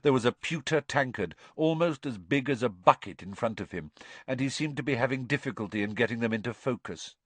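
A man narrating a storybook in a measured, expressive way. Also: mid-range voice, dry recording. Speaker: audiobook narrator.

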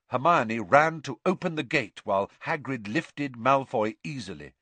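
A male narrator reads a novel aloud with expressive storytelling. His pitch rises and falls in a lively way. The recording is close and dry, with no room sound. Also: moderate pace, hardly any pauses, slightly rough, dry recording. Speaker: audiobook narrator. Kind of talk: scripted audiobook narration.

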